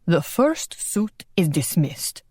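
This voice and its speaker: A woman narrator voicing a stern, weary male leader who presides like a judge in a measured, quiet way. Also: lowish voice, sing-song, slightly rough, dry recording, full character voice.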